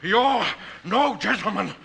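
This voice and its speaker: A man's voice: high voice, expressive, slow pace, gravelly, a bit bright, exaggerated voice. An actor playing a stuffy, indignant older man who sputters in outrage, from a noisy film soundtrack.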